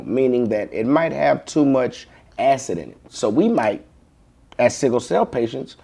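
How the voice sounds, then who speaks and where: A man's voice: medium pitch, vocal fry, a little mellow. A man speaking earnestly as an advocate and interviewer, explaining points and checking in with "right?". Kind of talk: advocacy talk and interview questions.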